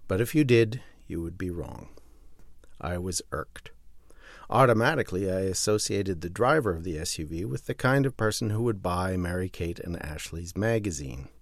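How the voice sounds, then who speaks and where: A man's voice: low voice, lively intonation, normal speed, no room sound. A man hosting a podcast, reading aloud from a zine with wry asides. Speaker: podcast host.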